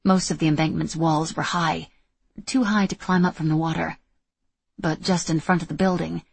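A woman reading a novel aloud in steady, measured scripted narration. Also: sits low, vocal fry, breathy edge, no echo. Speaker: audiobook narrator.

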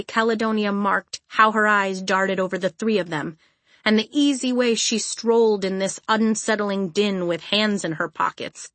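A woman reads an audiobook in an even, measured storytelling manner. Her voice sits at a middling pitch. The recording is dry and close, with no room sound. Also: no room sound. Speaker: audiobook narrator. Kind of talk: scripted narration.

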